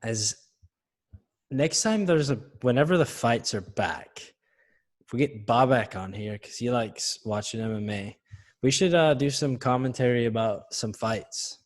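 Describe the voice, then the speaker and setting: A man's voice: medium pitch, animated, unhurried. A man hosting a podcast, chatting casually in an easygoing way with supportive asides. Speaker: podcast host.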